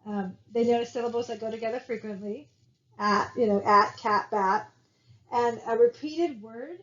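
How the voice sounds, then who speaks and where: A woman's voice: on the high side, normal speed, darkish tone. Woman lecturing over slides, lo-fi sound. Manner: conversational, many fillers and tag questions. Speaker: college lecturer. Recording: dull lo-fi recording.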